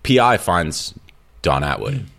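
A man co-hosting a casual chat, retelling TV scenes with animated, acted-out quotes. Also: low voice, slow, vocal fry. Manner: animated storytelling, acting out scenes in quoted voices. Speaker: podcast co-host. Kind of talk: casual chat recapping a TV show.

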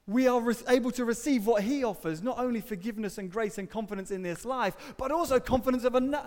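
Preacher, high voice, echoing hall. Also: male voice, a little mellow. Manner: earnest, varies pace for emphasis, dry humour. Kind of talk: sermon. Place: church hall. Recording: reverberant church hall.

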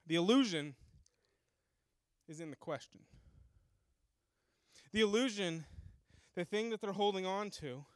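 A man preaching a sermon, retelling scripture in a lively storytelling way and acting out the people in it. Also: sits high, measured pace, long pauses, clean tone, no room sound, studio quality. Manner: animated storytelling, acts out voices. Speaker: pastor.

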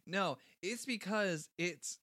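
A podcast co-host bantering and joking while a story is read aloud, animated and quick to interject. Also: medium pitch, dry recording, clean studio sound. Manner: animated, jokey, breaks into silly put-on voices. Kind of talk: comedic banter.

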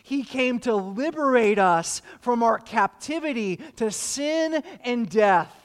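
A man's voice: extremely high pitch, expressive, slow, long reverb tail. A man preaching a sermon as pastor, joking dryly in asides and then stacking earnest rhetorical questions.

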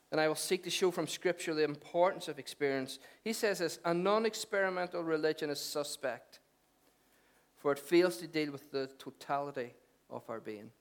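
A man's voice: a little high, normal speed. A middle-aged man preaching a sermon, conversational and joking at first, then earnest and emphatic. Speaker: pastor.

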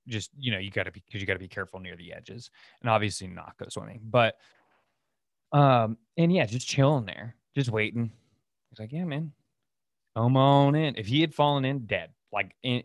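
A man with a fairly low voice hosts a casual solo podcast, recorded dry with studio quality. He rambles through stories loosely, with lots of fillers and restarts.

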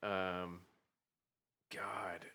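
A man with a fairly low but sharply bright voice, chatting on a podcast. He pauses often and fills the gaps with ums while he searches for the right words. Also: level tone. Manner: hesitant, gropes for words with ums. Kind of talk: casual chat.

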